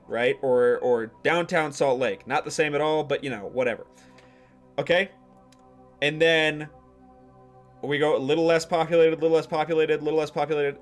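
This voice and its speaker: A man's voice: mid-range voice, fairly bright tone. A young man streaming live, rambling animatedly through his thoughts with casual swearing and frequent restarts.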